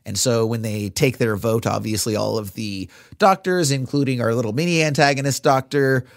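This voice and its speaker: A man's voice: medium pitch, normal speed, vocal fry, no echo, studio quality. A male podcast co-host casually recapping a film scene by scene, with many fillers.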